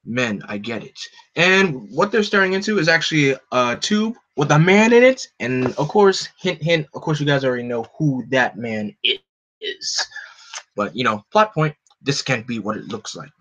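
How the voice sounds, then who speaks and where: A man's voice: medium pitch, sing-song, moderate pace, fairly bright tone, muffled recording. Brief: casual male reader, chatty asides during a comic live read. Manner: chatty, with fillers and self-corrections.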